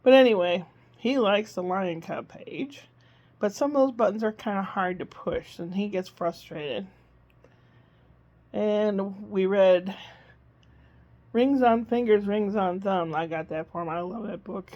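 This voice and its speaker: A woman's voice: medium pitch, a little slow, a little mellow, muffled recording. A woman vlogging in casual chat, rambling through a homey story with plenty of fillers, from her living room.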